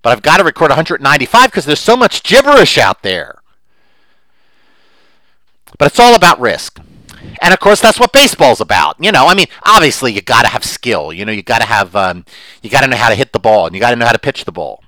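A middle-aged man talks on his own podcast with a bright, forward voice. His pitch swings widely as he presses his points, full of asides and restarts. The sound is dry and close, with no room behind him. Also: brisk, dry recording, poor audio. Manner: animated and emphatic, gets worked up. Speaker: podcast host. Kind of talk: opinionated solo podcast monologue.

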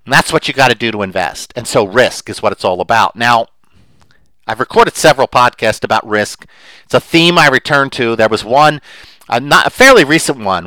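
A man's voice: mid-range voice, sing-song, moderate pace, pushed and bright, no room sound, rough recording. A middle-aged man hosting his podcast solo, talking in an emphatic, rambling way that gets more worked up as he goes. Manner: rambling with restarts and asides. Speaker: podcast host. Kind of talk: opinionated solo podcast monologue.

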